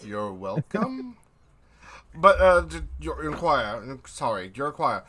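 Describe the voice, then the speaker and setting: A man's voice: a little high, very animated, takes it slowly, a bit bright, voice pushed up, heavily acted. A man voicing a flustered, polite male merchant at the docks who stammers and restarts his phrases.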